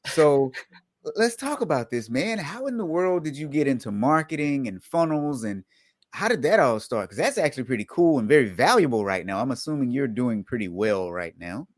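A man's voice: mid-range voice, big pitch swings, normal speed, no room sound. Man from the US South, podcast host, upbeat, dry close sound. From Southern United States. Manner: upbeat, reads viewer comments aloud. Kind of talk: casual chat.

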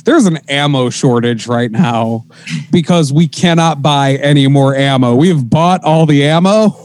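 A man, a comedian chatting casually about his own jokes, swearing and acting out quick voices as he tells them. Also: medium pitch, poor audio. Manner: animated, acts out voices mid-story, laughs often, swears. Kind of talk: casual podcast chat.

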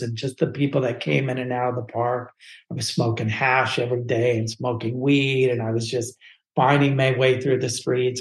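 A man's voice: medium pitch, creaky. A man from California telling his life story as a podcast guest, candid and rambling with lots of "like". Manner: candid and rambling, uses "like" a lot. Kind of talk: personal storytelling. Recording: roomy echo.

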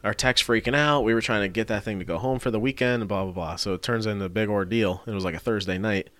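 A body shop worker tells a story in a casual podcast chat, talking fast in a lowish voice. He swears freely and acts out what other people said, captured in a dry recording.

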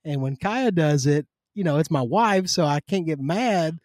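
A man with a warm Southern drawl tells stories in a folksy, animated manner, full of down-home sayings. His voice sits a little higher than most men's, and the recording is close and dry. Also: moderate pace, dry recording. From Kentucky. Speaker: podcast guest. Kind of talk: casual conversation.

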